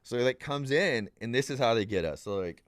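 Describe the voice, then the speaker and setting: A man on a podcast telling a story, leaning hard on "like" and slipping into the voices of the people in it. His pitch sits in the middle range for a man, and the sound is close and dry, with no room echo. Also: fairly quick. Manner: animated, heavy use of "like", acts out dialogue with laughs. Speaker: podcast guest. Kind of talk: casual storytelling. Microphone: studio podcast mic.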